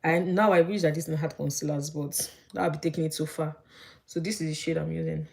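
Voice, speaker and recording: A young woman chatting as she does her makeup, gossiping in an animated way. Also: low-pitched, brisk, vocal fry. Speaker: vlogger. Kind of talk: casual chat while doing makeup.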